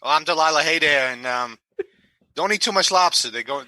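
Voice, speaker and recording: A man's voice: on the high side, animated, brisk, bright, forceful tone, no room sound, poor audio. A man improvising a brash, cocky lobster boat captain with a Boston accent. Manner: tough-talking, cocky. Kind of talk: improvised comedy.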